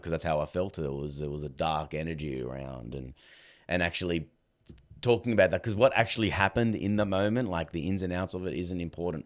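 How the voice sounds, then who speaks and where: Guy in his thirties, very deep voice, chatty guest who re-enacts conversations, lots of "bro". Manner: animated, acts out dialogue, fills with "like" and "bro". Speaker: podcast guest. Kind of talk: casual storytelling.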